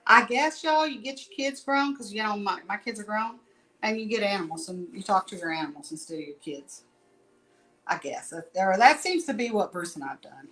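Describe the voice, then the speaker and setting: A woman's voice: medium pitch, lively intonation, brisk, fairly bright tone, low-quality recording. Brief: middle-aged woman, folksy and chatty, rambling painting-class host. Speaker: painting instructor. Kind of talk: casual live painting tutorial.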